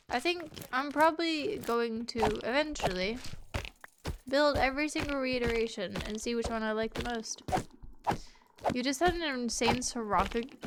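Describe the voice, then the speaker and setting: Against a noisy background, a slightly high-voiced woman livestreams her gameplay. Chatty and teasing, she swears freely while talking to chat and to a pet.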